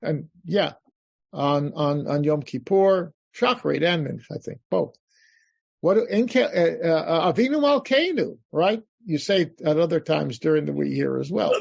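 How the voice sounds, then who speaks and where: An older man, a rabbi, teaching a class over a video call, animated, acting out pleas to God with many restarts. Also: fairly high pitch, unhurried, vocal fry, slightly rough, no echo. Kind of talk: animated lecture. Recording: dull lo-fi video call audio.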